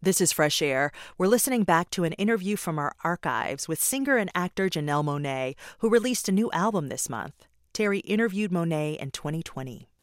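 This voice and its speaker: A man's voice: a little high, expressive, fairly quick, no room sound, clean studio sound. Formal radio announcer, a man. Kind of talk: scripted broadcast announcement.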